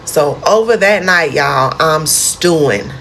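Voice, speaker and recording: A woman narrating a personal storytime, animated and dramatic, acting out the quoted outbursts. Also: deep voice, slow, a little hiss or hum.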